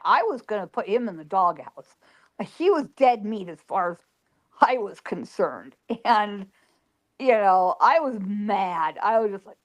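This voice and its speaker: A woman's voice: medium pitch, sing-song, slow. A woman psychic, telling an emotional past-life story and quoting the people in it. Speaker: psychic guest.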